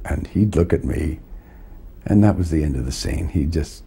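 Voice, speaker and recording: A man, an actor, telling an animated anecdote about working on a series. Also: extremely low pitch, normal speed, vocal fry, slightly rough. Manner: animated storytelling. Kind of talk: anecdotal reminiscence.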